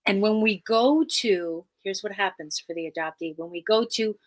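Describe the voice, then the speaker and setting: A woman's voice: mid-range voice, moderate pace. A woman therapist as a podcast guest, speaking earnestly and emphatically in a teaching manner and repeating key phrases.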